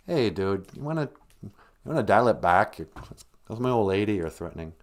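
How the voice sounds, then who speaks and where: A man's voice: fairly low pitch, sing-song, fairly quick, long pauses. A man from northern Minnesota hosting a comedic live-stream podcast, joking and teasing. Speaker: podcast host.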